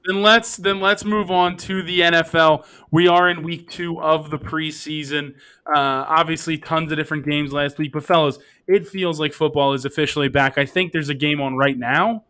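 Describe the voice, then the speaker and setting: Man with a bright, forceful voice. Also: fairly high pitch, fairly even intonation, normal speed, clear, resonant tone. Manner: leads the segments, reads out betting lines. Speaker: podcast host. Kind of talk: casual sports betting chat.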